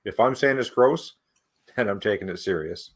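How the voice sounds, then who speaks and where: A man's voice: on the low side, expressive, normal speed. A man reading as a weary small-town coroner. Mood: matter-of-fact.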